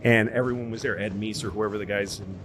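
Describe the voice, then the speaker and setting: Low-voiced man telling rambling stories. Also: steady tone, quick pace, fairly bright tone, soft background music. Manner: rambling, profane, jumps into impressions. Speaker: podcast co-host. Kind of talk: casual storytelling chat.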